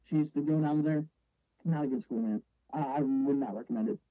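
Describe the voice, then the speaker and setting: A man's voice: mid-range voice, fairly quick, mellow, no room sound, lo-fi sound. A man guesting on a podcast, chatting casually in a laid-back way. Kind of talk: casual chat.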